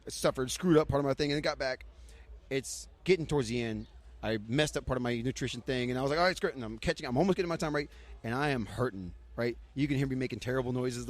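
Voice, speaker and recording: A man talking fast as a podcast guest and racing through an excited story. He acts out what other people said and jumps up in pitch for those quotes. His pitch sits in the middle for a man. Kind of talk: casual chat.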